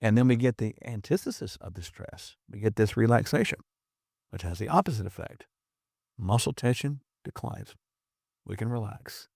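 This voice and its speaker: A man's voice: on the low side, animated, moderate pace, vocal fry, darkish tone, slightly rough, no room sound, clean studio sound. A middle-aged man, a doctor and podcast guest, explaining in an emphatic, earnest and persuasive way. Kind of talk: conversational explaining.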